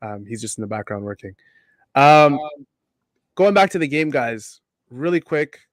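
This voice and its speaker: A man's voice: mid-range voice, animated, measured pace, no echo. Chatty male sports show host, dry sound. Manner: chatty, reads viewer comments, laughs often. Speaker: podcast host. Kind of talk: casual sports talk show.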